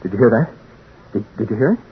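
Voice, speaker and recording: An actor playing a nervous, chatty radio announcer who stammers and rambles, in a 1940s radio drama. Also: male voice, fairly low pitch, animated, quick pace, slight background noise, close to an everyday voice. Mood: uneasy. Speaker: radio announcer in a haunted house. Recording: tinny old 1940s radio broadcast.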